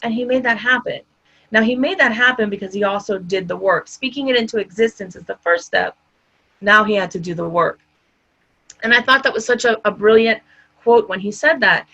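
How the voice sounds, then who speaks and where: Upbeat woman with a higher voice, chatty motivational talk to viewers, kinda dull lo-fi sound. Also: pushed and bright. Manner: upbeat, conversational, addresses audience directly. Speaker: summit speaker.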